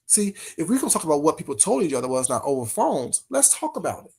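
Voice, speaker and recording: High-voiced man ranting at chat. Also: very animated, fast talker, vocal fry, a little mellow, breathy edge. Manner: heated, talks straight to chat, repeats phrases. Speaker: livestream host. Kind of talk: casual livestream rant.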